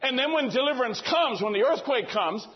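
Older guy preaching, high voice, acts out quotes, kinda muffled recording. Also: expressive, a little fast. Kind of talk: sermon.

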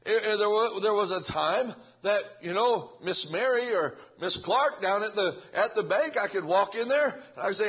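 A man's voice: sits high, moderate pace, few pauses, slightly rough, highs cut off. A man preaching a sermon in a folksy way, stumbling over restarts and calling out amen.

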